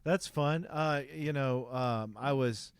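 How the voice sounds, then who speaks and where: A man's voice: mid-range voice, slow pace, smooth, no echo, studio quality. A man co-hosting a podcast in a casual chat, easygoing and chatty, with many filler words. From United States. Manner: easygoing, warm reactions, says "like" a lot. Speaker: podcast co-host.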